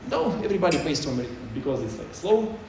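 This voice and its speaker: With a fairly high, sing-song voice, a little mellow, a man rattles off a conference talk at rapid-fire speed. His English is non-native and choppy, with many restarts. The hall is echoey, the mic far off, and there's slight background noise.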